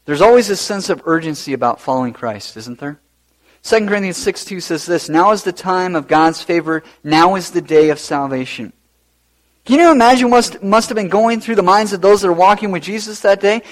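A man preaching a sermon as pastor, animated and rising to loud emphasis. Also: sits high, normal speed.

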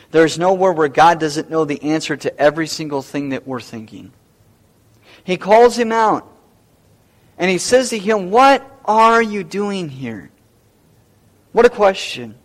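Male pastor, sermon delivery, high-pitched, emphatic, repeats lines for weight. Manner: emphatic, repeats key phrases.

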